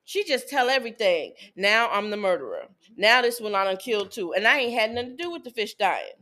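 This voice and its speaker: A brisk, mid-range voice belongs to a woman in her thirties who co-hosts a podcast. Chatting casually, she tells an animated story and acts out quotes from her kids and her ex.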